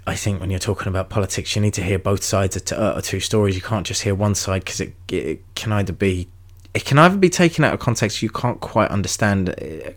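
Rambling, swearing London man on a podcast. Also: lowish voice. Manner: swears a lot, rambling, many restarts. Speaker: podcast host. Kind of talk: casual solo podcast monologue.

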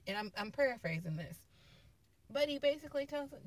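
A woman's voice: high voice, animated, fairly quick, dry recording. A woman giving a casual, conversational sermon, retelling scripture stories with emphatic quoted lines. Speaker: preacher.

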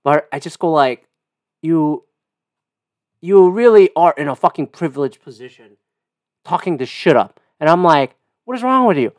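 A podcast host ranting casually and profanely, with heated, animated outbursts. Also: male voice, a little high, moderate pace, pauses often, no echo, clean studio sound. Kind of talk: casual solo podcast rant. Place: lives in a city condo.

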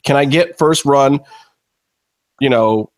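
A man's voice: mid-range voice, takes it slowly. A man hosting a podcast, ranting casually and cursing about a streaming package. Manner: ranting, profane, animated. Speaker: podcast host.

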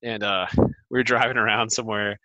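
Man, podcast co-host, casual chat, low pitch, very bright tone, dry sound. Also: flat delivery, fairly quick, no room sound, muffled recording. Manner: storytelling, laughs often.

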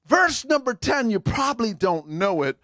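In a close, dry recording with no room echo, a middle-aged pastor preaches a sermon in a high, ringing, sing-song voice at a moderate pace. He draws amens from the congregation call-and-response style and punctuates words with sudden shouts.

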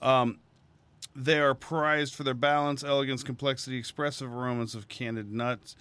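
A man with a smooth, resonant voice reads a spirits label in a casual chat, breaking off to poke fun at his own pronunciation. His pitch sits mid-range and his delivery stays loose and playful. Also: level tone, normal speed, pushed and bright, no room sound. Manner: playful, self-deprecating about pronunciation. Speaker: podcast co-host.

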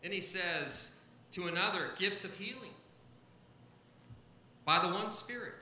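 A man's voice: high-pitched, unhurried, sharp tone, roomy sound, poor audio. A man, a pastor, preaching a sermon to a congregation, stressing key points by repeating them. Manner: emphatic, repeats key phrases.

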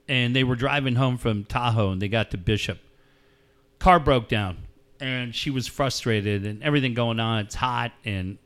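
A middle-aged man co-hosting a radio show, telling stories in animated casual chat and laughing often. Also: medium pitch, clean tone. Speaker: radio co-host.

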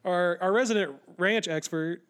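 A young man co-hosting a casual podcast, joking around with quick quips and slangy asides. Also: high-pitched, a bit bright, smooth. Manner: jokey, quick quips, says dude. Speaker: podcast co-host. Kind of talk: casual chat.

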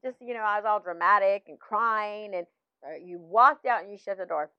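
A middle-aged woman, a minister's wife, telling a personal faith testimony in casual talk, animated, with many fillers and restarts. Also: medium pitch, moderate pace, clear, resonant tone, no echo. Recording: dull, slightly lo-fi, dry sound.

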